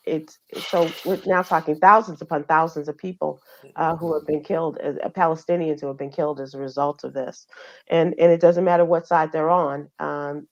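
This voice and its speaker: A woman's voice: low-pitched, dull audio. A middle-aged woman hosting a radio show, going over the news in casual chat and talking with fillers and restarts. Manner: conversational, halting with fillers.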